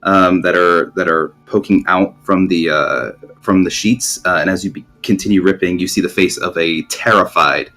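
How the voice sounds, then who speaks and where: A man's voice: deep voice, moderate pace, hardly any pauses, sharp tone, faint music behind. A man narrating as game master in a tabletop game, rambling with many ums and restarts.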